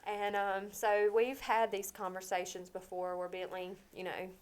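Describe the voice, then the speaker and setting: A woman with a drawl speaks as a podcast guest. She tells a deeply personal story, halting often and leaning on soft fillers as she gathers herself. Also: level tone, clean tone. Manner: halting, with many pauses and fillers.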